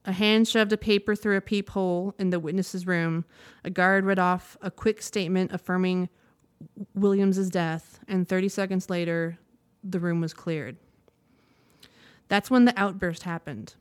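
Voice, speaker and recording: A woman reads a news report aloud in a resonant, slightly low voice. Her delivery is measured and even, and she sometimes stops briefly to correct a word before carrying on. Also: clean tone. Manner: measured, steady reading with occasional self-corrections. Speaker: news reader.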